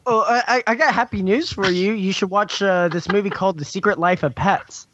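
Animated man ranting, slightly high voice. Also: fairly quick, no room sound, dull audio. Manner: animated ranting, heavy use of "like". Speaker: podcast co-host. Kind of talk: casual film discussion.

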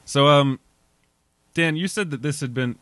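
A man hosting a casual film discussion, relaxed and thoughtful, laughing softly. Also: on the high side, a little slow, no echo. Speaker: podcast host. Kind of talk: casual chat.

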